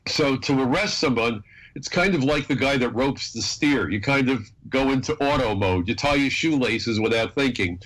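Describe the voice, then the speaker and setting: An older American man, a former federal agent, telling an animated story as a guest on a radio talk show. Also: mid-range voice, poor audio. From United States.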